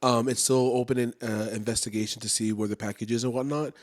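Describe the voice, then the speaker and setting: A man's voice: medium pitch, steady tone, quick pace. A young man co-hosting a casual podcast, talking in a loose, rambling way and joking along. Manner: easygoing, rambling, self-correcting. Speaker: podcast co-host. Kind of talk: casual chat.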